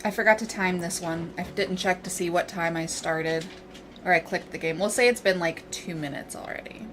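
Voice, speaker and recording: A woman's voice: lowish voice, moderate pace. A woman game streamer chatting casually and playfully with her viewers while she waits on her game. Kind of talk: casual livestream chat. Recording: steady background noise.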